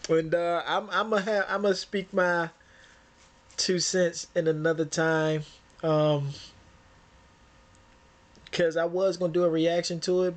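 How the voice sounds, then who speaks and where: A man hosting a casual reaction video, talking in relaxed slang. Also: on the high side. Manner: laid-back slang, breaks into loud laughter. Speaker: reaction YouTuber.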